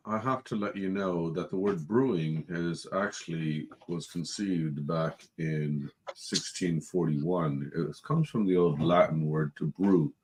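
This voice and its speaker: A man co-hosting a podcast, telling a mock-learned story in a flat deadpan voice. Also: very deep voice, slight background noise. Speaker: podcast co-host. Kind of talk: casual chat.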